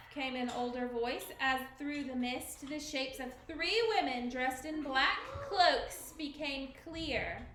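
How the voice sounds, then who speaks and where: A woman reads a storybook aloud to children, clear and expressive. Her voice sits high, the classroom sounds roomy, and a faint hiss runs underneath. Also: takes it slowly, few pauses.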